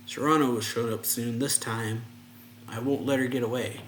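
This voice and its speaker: A man reading aloud the lines of a stubborn, determined teenage girl, a little louder than his own voice. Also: medium pitch, steady tone, moderate pace, slight background noise, close to an everyday voice.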